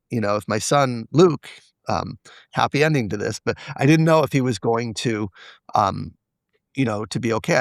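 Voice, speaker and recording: A man's voice: mid-range voice, creaky, no room sound. A man as a podcast guest, candidly telling a personal story and acting out the quoted dialogue. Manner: confessional, acts out quoted dialogue.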